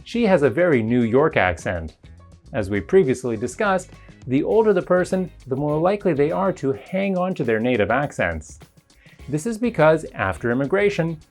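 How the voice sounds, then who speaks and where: A teacher reading a scripted narration that explains pronunciation in an even, explanatory way. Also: mid-range voice. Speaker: English teacher.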